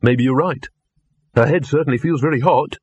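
A man's voice: mid-range voice, normal speed, darkish tone, husky, lo-fi sound, voice pushed up, natural voice. A man voicing an earnest, anxious young man who asks nervous questions in an audiobook. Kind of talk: audiobook character voice.

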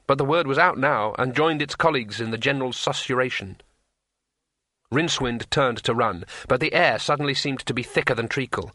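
Man, audiobook narrator, bright tone, dry close sound, dramatic pacing. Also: mid-range voice, dry recording. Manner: measured, dramatic storytelling.

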